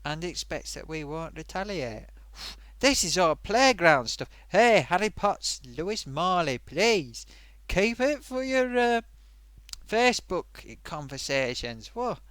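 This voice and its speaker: Chatty, animated man hosting a live stream. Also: on the high side, slow pace, no room sound. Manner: rambling, chatty, self-amused, many fillers. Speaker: live-stream host reading viewer comments. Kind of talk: casual live-stream chat.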